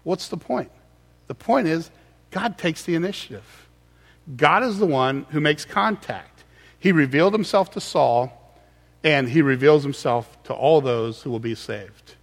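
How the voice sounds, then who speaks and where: A man's voice: fairly high pitch, animated, a little slow, creaky. Earnest male preacher in a reverberant hall. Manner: earnest preaching with repeated restarts. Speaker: pastor. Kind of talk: sermon.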